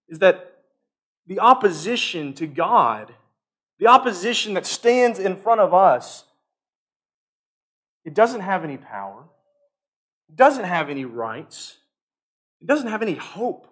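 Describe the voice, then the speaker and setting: A man preaching a sermon, earnest and emphatic, swinging from loud peaks to quiet stretches and often repeating and restarting his phrases. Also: high-pitched, very animated, a little slow, pauses often, breathy edge.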